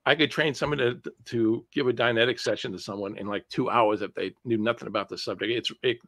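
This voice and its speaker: A man speaking as an interview guest, recounting a personal story in a loose, chatty way. He is animated and often restarts his sentences mid-thought. His voice sits at a middling pitch and sounds dry, with no room echo. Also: quick pace.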